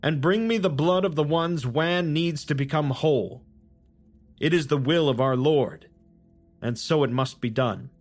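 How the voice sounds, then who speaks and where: A man voicing a devout, honor-bound warrior woman saint, speaking in a solemn, formal way at a slow pace. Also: on the high side, faint music behind. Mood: commanding.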